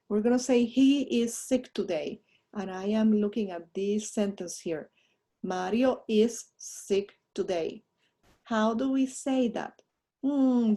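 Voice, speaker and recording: A woman's voice: mid-range voice, warm tone. A woman teaching a recorded language lesson, explaining in English with spoken examples in another language, often checking in with "right?". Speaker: Italian teacher.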